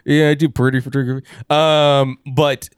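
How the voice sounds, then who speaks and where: A man's voice: mid-range voice, level tone, normal speed, clear, resonant tone, no echo, clean studio sound. A man chatting casually on a podcast, rambling with lots of fillers and the odd swear. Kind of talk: casual chat.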